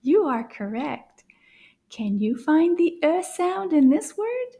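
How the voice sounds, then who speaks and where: A woman teaching children's French lessons, cheerful and coaxing, who often drops into a hushed whisper to build suspense. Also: high-pitched, big pitch swings, slow. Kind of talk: slow, encouraging kids' lesson.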